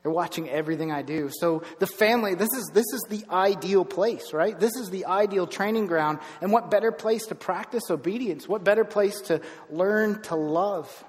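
A middle-aged man preaching a sermon as pastor, telling stories with lively bursts of emphasis. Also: sits high, normal speed, few pauses, big-room sound. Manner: storytelling, animated with bursts of emphasis. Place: church sanctuary.

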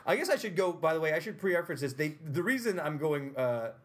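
A man's voice: a little high, sing-song, fast, a bit bright. A young man hosting a casual podcast chat, quizzing his guests and laughing often. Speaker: podcast host.

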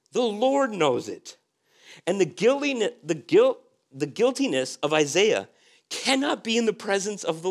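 A man delivers a sermon as pastor, his voice sitting a bit higher than most men's. He leans on repeated phrases for emphasis and often sinks into soft, low lines. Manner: emphatic preaching with repetitions and sudden drops to soft tones.

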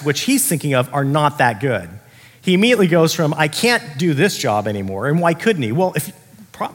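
A man's voice: a little high, slightly rough, long reverb tail. A man preaching a sermon as the pastor, talking in a casual, conversational way and acting out the characters he quotes.

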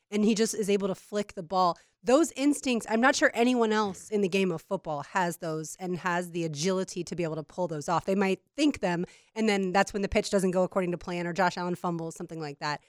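A woman co-hosting a sports talk show, giving thoughtful, steady football opinions. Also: fairly low pitch, no room sound, clean studio sound. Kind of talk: casual sports analysis.

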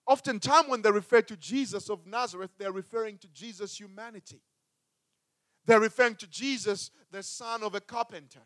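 A man preaching a sermon as a pastor, with emphatic delivery that swings between loud and hushed. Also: high-pitched, a little fast, no echo, studio quality.

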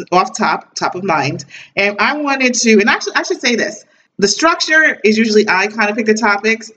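A woman's voice: medium pitch, sharp tone. A woman hosting a podcast, talking casually and chattily, laughing often and using many fillers. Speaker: podcast host. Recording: dull distant recording with faint hiss.

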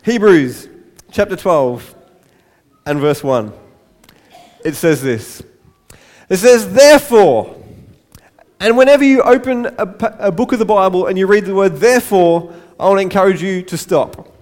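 A man's voice: high-pitched, moderate pace, darkish tone. A man pastor giving a sermon in church, light-hearted, with self-deprecating asides.

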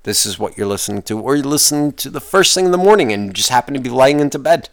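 A man hosting his own podcast alone, ranting in a profane, exasperated way, his voice jumping higher when he gets worked up. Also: expressive, fast talker. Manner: pitch jumps up when worked up. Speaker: podcast host. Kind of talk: casual solo podcast rant.

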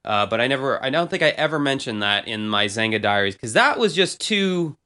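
Man in his thirties, bright tone, crisp clear voice, rambling crude banter, casual podcast chat. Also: mid-range voice, big pitch swings, brisk. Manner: loose, rambling, crude, self-mocking. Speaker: podcast host reading old diary posts.

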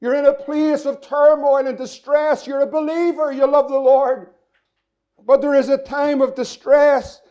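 A man's voice: very high-pitched, little pitch movement, a little slow, mellow, dull audio. A man, a pastor, preaching an impassioned sermon to his congregation in a church, repeating questions and building to cries. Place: church meeting room.

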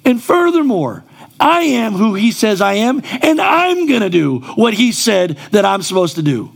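A man's voice: sits high, big pitch swings, measured pace, vocal fry. A male pastor preaching a sermon in a church, conversational and then rising to emphatic exclamations.

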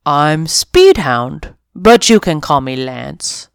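A woman doing a slow, goofy puppy. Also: low-pitched, sing-song, gravelly, smooth, dry recording, studio quality, full character voice. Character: big friendly goofy male puppy.

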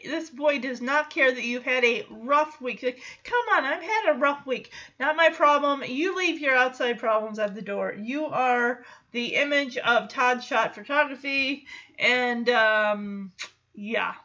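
A woman casually recapping a show episode, animated and often laughing, acting out the characters in quick asides. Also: sits high. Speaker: recap commentator. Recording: lo-fi muffled audio.

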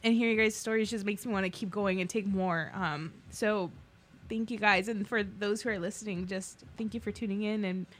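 A young woman in her twenties, a podcast co-host, talking in a halting, tearful way, laughing through tears as her voice breaks. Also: medium pitch, fairly even intonation. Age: 20s. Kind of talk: emotional casual chat.

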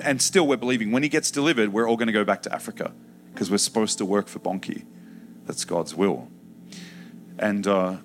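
Preacher, male, low voice, emotional testimony storytelling, soft music under it. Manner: emotional storytelling, acts out shouted childhood quotes. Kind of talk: personal testimony sermon.

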